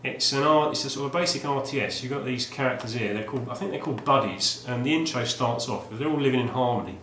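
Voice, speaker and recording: Speaking fast in a medium, fairly bright voice, this man rambles casually about a game he purchased, full of fillers and restarted sentences. It's a casual video from a retro game collector vlogger, recorded with roomy echo and a faint hum behind him.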